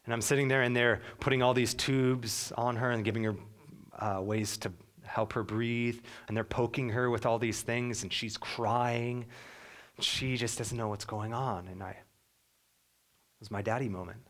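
A young adult man preaching a sermon as pastor, earnest, sometimes dropping to a soft hush. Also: medium pitch, fairly even intonation, normal speed.

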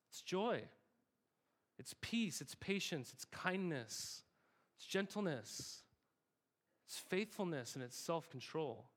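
A young man preaching with a notably high voice. He keeps things conversational, asking the congregation questions and answering them himself. He leans on repeated phrases for emphasis. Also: a bit bright. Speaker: pastor. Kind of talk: sermon.

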